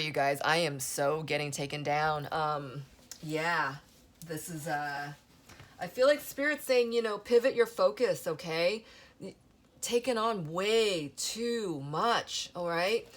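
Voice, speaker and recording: Tarot reader, woman, lower voice, talks to viewers in a loose, emotional, rambling way. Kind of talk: channeled tarot reading.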